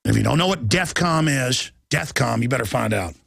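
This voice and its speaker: A middle-aged man hosting a political talk radio show, ranting urgently and reading headlines aloud in quick bursts. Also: mid-range voice, expressive, creaky, a bit bright, breathy edge, no echo. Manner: urgent, alarmed, rapid-fire ranting.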